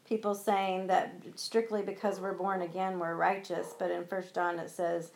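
A woman's voice: fairly low pitch, flat delivery, moderate pace, creaky, a little mellow, slight background noise, rough recording. A woman in a Bible study group, thoughtfully adding a point and quoting scripture. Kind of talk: casual group discussion.

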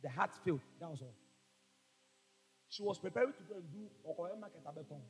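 A man preaching a fervent sermon, rising to shouts. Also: high-pitched, lively intonation, quick pace, in a large hall, poor audio. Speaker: pastor.

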